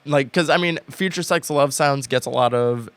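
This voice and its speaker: This late-twenties co-host's medium-pitched voice is clean-toned and moderately paced, recorded dry on a podcast studio mic. In casual conversation he rambles with enthusiasm, using many fillers and restarting often.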